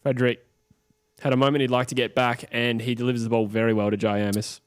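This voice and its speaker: A man co-hosting a live football chat, friendly and quick to laugh. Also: mid-range voice, flat delivery, clear, resonant tone, no room sound, clean studio sound. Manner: friendly, laughs often, reads viewer comments. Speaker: co-host of a football watchalong show.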